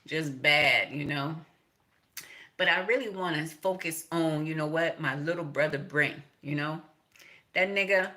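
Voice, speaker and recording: A middle-aged woman rambles through a casual monologue, blunt and profane, breaking into laughing asides. Her voice sits low in pitch yet sounds bright and sharp. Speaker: tarot reader.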